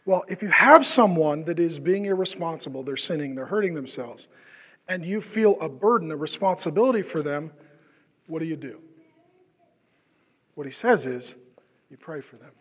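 A man's voice: a little high, lively intonation, moderate pace, pauses often, fairly bright tone, breathy edge, long reverb tail. A man preaching a conversational sermon as pastor, often asking the congregation questions and acting out the voices of the people he describes. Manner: conversational, asks the crowd questions, acts out quoted voices.

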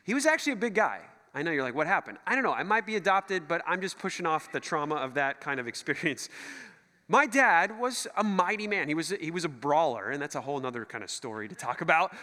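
A middle-aged male pastor preaching a sermon, animated and joking, acting out the voices he quotes. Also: a little high, fast talker. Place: church hall. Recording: church hall reverb.

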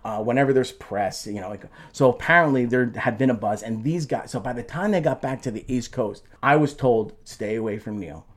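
A man's voice: medium pitch, a little fast, hardly any pauses. A middle-aged man, a former band singer, tells a story in conversation with lots of restarts, jumping into raised voices to act out quotes.

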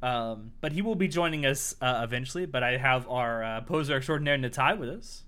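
A man's voice: medium pitch, fairly quick, a bit bright. A man hosting a podcast, opening the show in a casual, joking way. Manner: jokey, upbeat show intro. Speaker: podcast host.

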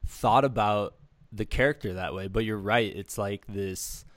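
A man's voice: fairly low pitch, unhurried, a bit bright, no room sound. A young man hosting an interview, talking casually and with enthusiasm, often saying "man" and "dude". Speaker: host, middle school teacher.

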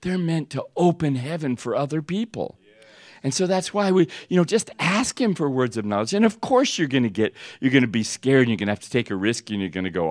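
Animated, lively male preacher telling stories. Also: fairly quick, no echo, clean studio sound. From United States. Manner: animated storytelling, laughing, voices jumping high for the climaxes. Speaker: ministry school teacher. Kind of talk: storytelling sermon. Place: teaching room with an audience.

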